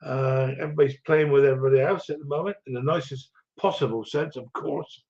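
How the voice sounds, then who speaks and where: A man's voice: mid-range voice, fairly even intonation, quick pace, a little mellow. A middle-aged man hosting a livestream, chatting casually and rambling through viewer greetings with lots of ums and chuckles. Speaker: livestream host. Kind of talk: casual live chat reading viewer comments. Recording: dull lo-fi stream audio.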